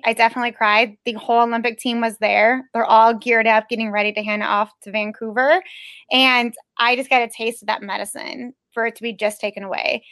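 A woman's voice: on the high side, a bit bright, no room sound. A woman who is an Olympic speed skater, telling her story as a podcast guest in an earnest, emphatic, determined way. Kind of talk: personal storytelling in a podcast interview.

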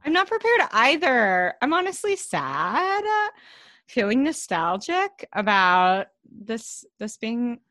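A woman co-hosting a podcast in casual chat, giggly and animated, swearing freely. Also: on the high side, slow, no room sound, studio quality. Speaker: podcast co-host.

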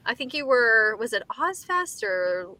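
A woman's voice: sits high, expressive, measured pace, vocal fry, bright, forceful tone, no echo. Enthusiastic woman interviewer, dry sound. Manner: enthusiastic, fillers like "like" and "so great". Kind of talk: casual interview.

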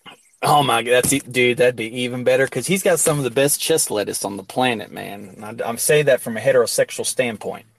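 A man's voice: mid-range voice, fairly quick, creaky, dry recording. A young man hosting a podcast, chatting casually and crudely, laughing and swearing freely. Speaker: podcast host.

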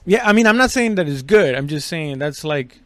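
A man in his thirties hosts a solo podcast, his fairly high voice smooth and clear. He rambles and swears freely, with plenty of "uh"s and false starts. The sound is dry and close, with no room around it. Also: expressive, brisk, bright, forceful tone, no room sound. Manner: rambling, profane, lots of fillers and restarts. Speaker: podcast host. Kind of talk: casual solo podcast chat.

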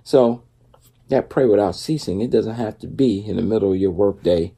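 A man speaks in a relaxed, rambling vlog style, talking through faith and everyday life with plenty of fillers and side remarks. His voice sits very low and has a dark, mellow tone. There is a husky edge to it throughout. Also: moderate pace. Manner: loose, conversational, with many fillers and asides. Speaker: vlogger. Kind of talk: casual faith-based talk.

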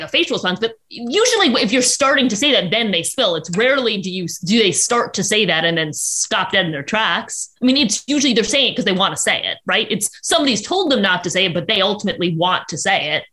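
A woman, a journalist guest on a podcast, talking casually in quick bursts with frequent restarts. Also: mid-range voice, sing-song, pushed and bright. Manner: chatty, quick with many restarts.

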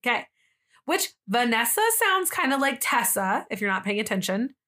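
A woman's voice: a little high, very animated, moderate pace, bright, forceful tone. A young woman co-hosting a casual true-crime podcast, telling the story in a chatty way and acting out what people said. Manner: chatty storyteller, acts out quotes, lots of "like". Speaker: podcast co-host.

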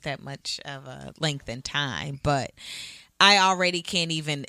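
Candid, low-voiced woman chatting. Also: unhurried, pushed and bright, no room sound. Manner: loose and candid, swears, many fillers. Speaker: podcast co-host. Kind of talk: casual chat.

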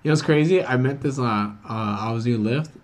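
A man's voice: mid-range voice, fairly quick. A man in his thirties, a comedian telling stories in a casual chat, swearing a lot and saying dude and bro. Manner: laid-back storytelling, heavy swearing, says dude and bro. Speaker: comedian, podcast host.

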